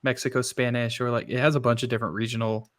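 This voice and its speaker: Talking fast in a mid-range voice, this man hosts a tech podcast in a loose, conversational way. He's quick to mock himself and voices the people he quotes with plenty of energy.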